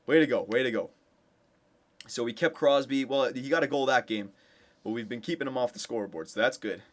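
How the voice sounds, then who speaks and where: Young male gameplay commentator, eager and chatty, swings between hyped cheering and low muttering. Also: brisk. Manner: excited cheering for his team. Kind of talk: casual video game commentary.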